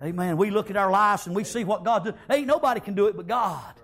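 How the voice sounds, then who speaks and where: A man preaching a fiery revival sermon in a church, punctuating nearly every line with "amen" and shouted praise. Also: high voice, fast talker, husky.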